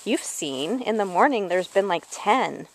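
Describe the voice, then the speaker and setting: A woman's voice: mid-range voice, animated, measured pace. A woman casually rambling while filming wildlife, chatting on the phone at the same time, recorded on a handheld camcorder's built-in mic.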